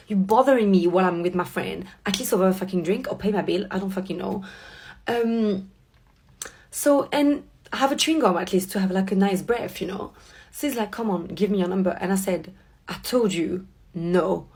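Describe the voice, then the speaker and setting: A woman telling a story to her viewers in a blunt, profane, animated rant. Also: mid-range voice, brisk, husky. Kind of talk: casual ranting storytime.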